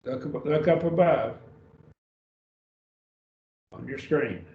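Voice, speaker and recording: A man's voice: medium pitch, slow pace. Man, Bible Greek teacher, patient, checks understanding, echoey classroom. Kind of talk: classroom lesson. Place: church classroom. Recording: dull roomy sound from far off.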